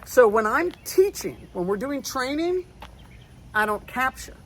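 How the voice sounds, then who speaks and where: A woman dog trainer explaining recall outdoors, switching to high, cheerful calls to the dog. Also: sing-song, unhurried, a little hiss or hum. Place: outdoors on a street.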